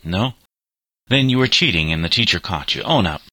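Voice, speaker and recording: A man voicing a teenage boy who is brisk, impatient and teasing toward his sister. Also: low voice, expressive, bright, forceful tone, no echo, exaggerated voice.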